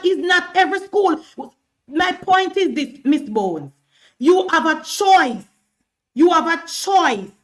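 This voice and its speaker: A woman's voice: sits high, a bit bright. A Jamaican woman hosting a political livestream, arguing heatedly, repeating herself and stammering as she presses her point. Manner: argumentative, repeats herself, stammers when worked up.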